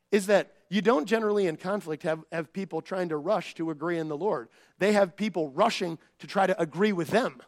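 High-voiced man preaching a family sermon. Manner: animated, acts out quoted family arguments; conversational with filler words and restarts. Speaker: pastor.

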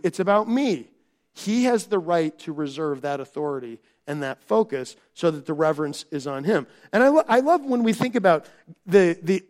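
High-voiced preaching man. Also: darkish tone. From Minnesota. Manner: conversational preaching with frequent restarts and rhetorical questions. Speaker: pastor. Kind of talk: sermon.

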